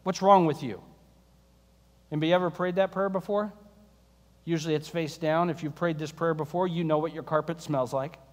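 A man preaching a sermon as pastor, conversational and animated, mixing scripture reading with sarcasm and humor. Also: a little high, brisk, pauses often, big-room sound.

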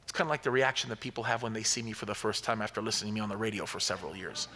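A pastor preaches in a bright, forceful voice that carries a long reverb tail through a large hall. He tells his story at a steady pace, then builds to loud, emphatic peaks. The sound is that of a live sermon. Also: lowish voice, racing, husky.

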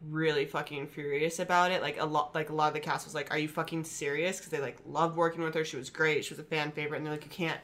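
A woman's voice: deep voice, steady tone, fast, hardly any pauses, a bit bright. A young woman co-hosting a podcast, chatting casually and teasing her friends, swearing freely. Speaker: podcast co-host. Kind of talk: casual chat.

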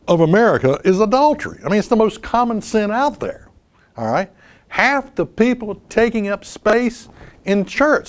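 Animated preacher man, high lively voice. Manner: emphatic, rhetorical questions, swings between loud and hushed. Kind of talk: sermon.

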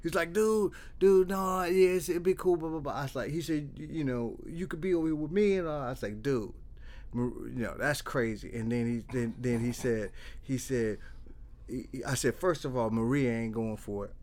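A man's voice: medium pitch, normal speed. Middle-aged guy, therapist, telling stories, acts out all the back and forth, restarts a lot. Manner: animated storyteller, acts out dialogue, repeats and restarts. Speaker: trauma therapist. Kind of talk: storytelling in casual conversation.

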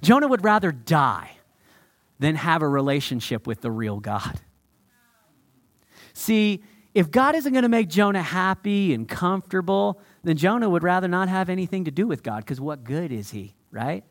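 A man preaching a sermon with energy, acting out quotes and slowing down to stress his points. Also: high-pitched. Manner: energetic, acts out quotes, slows down for emphasis. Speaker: pastor.

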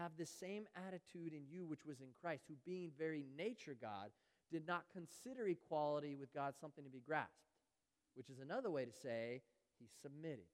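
A man preaching in a church sanctuary, his voice sitting a little high for a man. He is earnest, pushing louder on key phrases and sinking to near-whispers on others, and now and then he acts out the voices of churchgoers. A long reverb from the hall trails each phrase. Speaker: pastor. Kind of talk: sermon.

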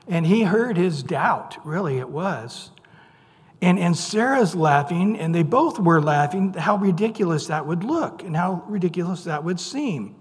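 A man preaches a sermon in a bright, high voice, telling the story casually and with humor. He acts out the voices of the people he quotes. His voice rings out with a long reverb, as if in a large hall. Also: expressive, measured pace. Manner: conversational, playful retelling with voiced quotes.

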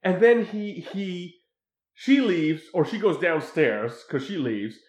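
A man in casual chat recapping a movie, animated and laughing as he acts out scenes. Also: sits high, slow pace. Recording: echoey room.

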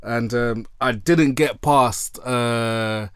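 A man chatting casually about music as a podcast co-host, slangy and animated. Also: mid-range voice, very slow, clean tone, dry recording, clean studio sound. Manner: slangy, animated, exclaims loudly when surprised.

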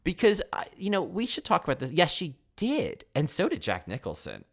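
Animated, rambling man talking films. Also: a little high, fast talker, gravelly. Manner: animated, rambling, tangents and self-interruptions. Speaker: podcast host. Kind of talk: casual film commentary.

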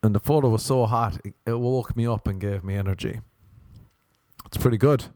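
A young Irish podcast host with a lowish, mellow voice talks fairly quickly on a dry recording. His solo monologue rambles through meandering stories that mock himself.

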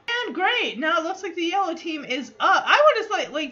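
Chatty high-voiced woman podcaster. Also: very animated, normal speed, hardly any pauses, pushed and bright, muffled recording. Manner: chatty, lots of "like", acts out quoted lines. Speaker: podcast host. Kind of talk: casual episode recap.

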